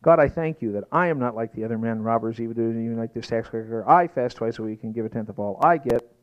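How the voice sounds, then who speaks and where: A man preaching a sermon, emphatic, sometimes rising to shouts. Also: mid-range voice, fast talker, muffled recording. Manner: lively, emphatic preaching that rises to shouted exclamations. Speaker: pastor.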